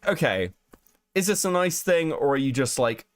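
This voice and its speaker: A man's voice: fairly high pitch, normal speed, dry recording. A man chats on a podcast and reacts to a video. His voice jumps up and down as he swears and scoffs in disbelief. The sound is dry and close to the mic. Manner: animated, incredulous, swears a lot. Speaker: podcast co-host. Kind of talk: casual chat, reacting to a video.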